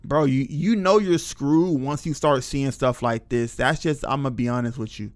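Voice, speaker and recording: A man's voice: mid-range voice, moderate pace, dry recording, faint music behind. A young man streaming a horror game, reacting casually with slang and talking to his chat. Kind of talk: live gameplay commentary.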